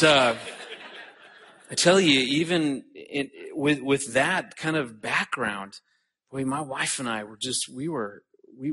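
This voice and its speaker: Bright-voiced man giving an earnest talk. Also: a little high, breathy edge. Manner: earnest, storytelling, repeats words when starting sentences. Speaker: conference speaker. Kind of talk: earnest conference talk with personal story.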